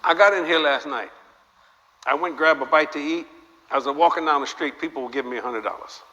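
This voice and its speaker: A man's voice: on the high side, quick pace, lo-fi sound. An older man preaching a sermon to a live audience, telling stories with jokes and firing rhetorical questions at the crowd. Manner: animated, joking storytelling with repeated rhetorical questions. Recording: long hall reverb, faint background noise.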